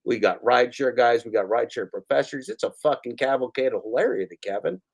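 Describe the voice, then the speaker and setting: A man hosting a casual talk show, rambling and excitable, swearing often. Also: medium pitch, fast talker, vocal fry. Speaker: show host. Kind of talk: casual chat.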